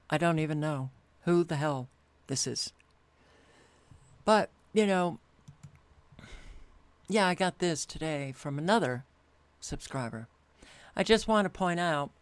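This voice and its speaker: A weary woman host talking alone to camera at her home computer, sighing often and speaking with deliberate care. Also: low-pitched, expressive, no echo. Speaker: channel host. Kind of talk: casual monologue to camera.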